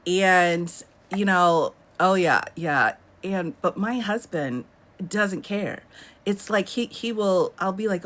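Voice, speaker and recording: A woman's voice: fairly low pitch, big pitch swings, moderate pace. A woman in her thirties hosting a casual live stream from home, chatting and laughing often as she answers viewer comments. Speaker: livestream host.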